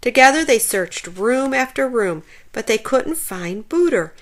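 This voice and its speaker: A woman reading a children's storybook aloud in an expressive, animated way. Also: a little high, measured pace.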